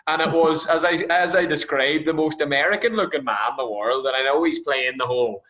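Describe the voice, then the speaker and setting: Bright-voiced Irish podcast host. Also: male voice, a little high, a little fast. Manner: swearing, teasing, animated anecdotes. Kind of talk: casual chat, storytelling.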